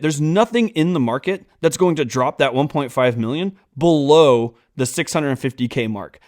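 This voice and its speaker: Exasperated man ranting about finance. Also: a little high. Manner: heated, exasperated, emphatic. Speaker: finance channel host. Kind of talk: reaction commentary.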